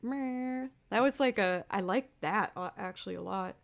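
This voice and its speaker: A woman streaming music in casual live-stream chat with her viewers. She rambles in a chatty, self-deprecating way, and her voice sits at an everyday middle pitch. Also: normal speed, vocal fry.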